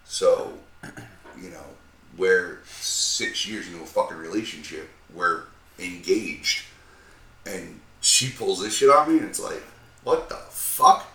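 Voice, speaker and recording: A man in his thirties, a podcast co-host, telling a profane, animated story with acted-out quotes. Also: low-pitched, unhurried, recorded from a distance. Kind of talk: casual storytelling chat. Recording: roomy sound, a bit off-mic.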